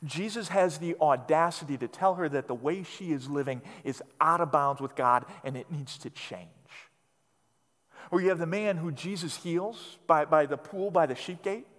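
A man preaching a sermon as pastor, emphatic and repetitive, letting phrases sink to a quiet, low finish. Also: normal speed. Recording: long hall reverb.

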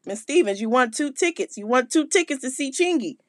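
A woman voicing a pushy radio DJ who loudly insists and hypes a prize, breaking into shouts. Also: high voice, animated, fairly quick, no room sound. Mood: hyping.

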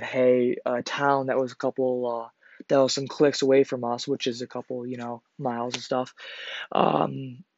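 A man hosts a podcast and tells a personal story in a loose, rambling way, swearing often and restarting his sentences. His voice sits at an ordinary pitch. It is recorded close and dry, with a slightly dull, lo-fi sound. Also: darkish tone, dry recording. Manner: profane, rambling, lots of fillers and restarts. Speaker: podcast host.

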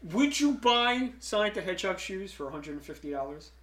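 Podcast host, male, chatty and rambling, slightly high voice, echoey room. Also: very animated, brisk, a bit bright. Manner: rambling, lots of fillers and restarts. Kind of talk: casual chat. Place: room streamed live.

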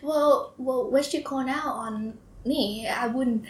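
Guest: young woman with a Vietnamese accent, a bit high-pitched, giggly and hesitant, recorded in a roomy space. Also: slow. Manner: laughing often, hesitant with ums. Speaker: guest, former foreign student. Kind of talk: casual storytelling interview. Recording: echoey room with faint ambience.

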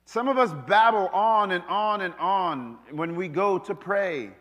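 A man delivers a sermon with a high-pitched voice, swinging from loud, emphatic calls to hushed, confiding asides. The sound carries the long reverb of a large hall. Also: unhurried. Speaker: pastor.

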